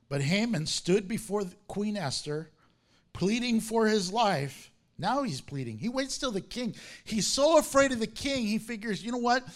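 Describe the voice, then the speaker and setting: A man preaching a sermon, telling the story in an animated way, acting out its characters, and laughing often. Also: sits high, moderate pace.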